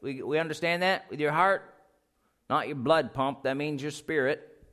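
A man's voice: fairly high pitch, normal speed, fairly bright tone. A man preaching a sermon, reading scripture aloud and putting questions to his congregation.

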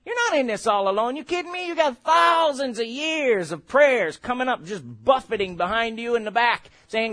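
Preacher, male, middle-aged, high-pitched, emphatic delivery that swings from quiet to shouting. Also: lively intonation. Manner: emphatic, builds to shouted exhortations and quick asides. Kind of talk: sermon.

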